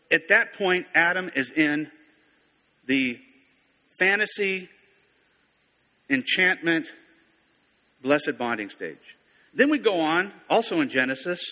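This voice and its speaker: A man's voice: on the high side, animated, slow, long pauses, sharp tone. A man preaching a sermon in a conversational, folksy way, often correcting himself mid-sentence. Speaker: pastor. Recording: long reverb of a large hall.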